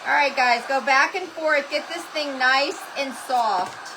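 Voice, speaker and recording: A woman hosting a live craft demo, chatting loudly and greeting viewers by name as she works. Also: high voice, measured pace. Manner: says she is talking very loudly. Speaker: craft livestream host. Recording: noisy room with heat gun running. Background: heat gun whirring.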